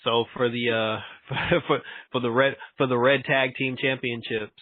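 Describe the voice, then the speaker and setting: A man co-hosting a podcast in a casual chat, laid-back and agreeable, quick to laugh along. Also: medium pitch, fairly even intonation, dry recording. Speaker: podcast co-host. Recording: tinny phone-like, dry sound.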